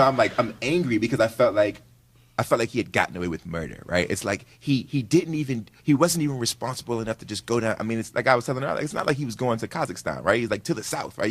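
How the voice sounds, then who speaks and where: Animated man talking on a panel. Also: mid-range voice, breathy edge. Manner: animated, conversational, many "right?" tags. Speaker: author on a panel. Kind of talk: casual panel talk.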